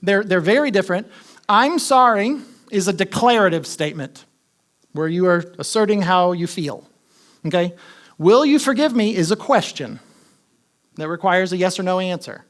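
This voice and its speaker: A man's voice: sits high, expressive, moderate pace. A man preaching a sermon as pastor, talking conversationally, asking the congregation questions and repeating his key points.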